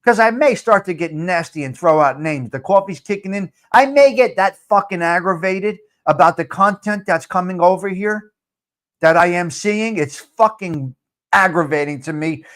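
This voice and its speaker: A man's voice: high voice, moderate pace, a bit bright. A man hosting a live stream, answering viewer comments in a blunt, profane, repetitive rant. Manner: blunt and fired up. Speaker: live-stream show host.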